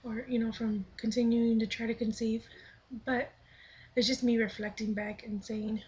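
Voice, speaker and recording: A woman's voice: fairly high pitch, level tone, normal speed, lo-fi sound. A woman in her twenties reflecting earnestly in a personal vlog, partly reading her own blog aloud, sometimes dropping to a near whisper. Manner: earnest, thoughtful, with soft half-whispered stretches. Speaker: vlogger.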